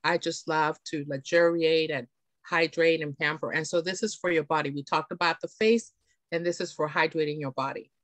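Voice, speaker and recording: At home on camera, a woman with a deep voice gives a live beauty product demonstration at a moderate pace with fairly even intonation and no room sound. She's chatty and enthusiastic, often checking in with her audience.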